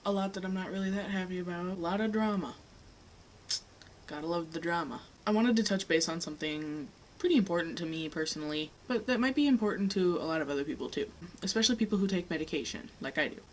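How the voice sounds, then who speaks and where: Frank, low-voiced young woman vlogger. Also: fast talker, slight background noise, low-quality recording. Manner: frank, earnest, swears, rising heat when making a point. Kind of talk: candid personal vlog.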